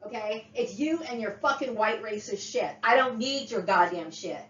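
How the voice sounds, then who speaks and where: A woman's voice: fairly high pitch, normal speed, fairly bright tone. A woman venting in a profane, agitated personal rant to camera, stumbling over restarts and flaring into outbursts. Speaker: vlogger. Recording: roomy, distant, dull lo-fi sound.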